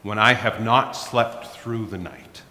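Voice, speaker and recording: A middle-aged pastor preaching a sermon, telling a self-mocking story. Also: male voice, on the low side, takes it slowly, background noise. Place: church. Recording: echoey church hall.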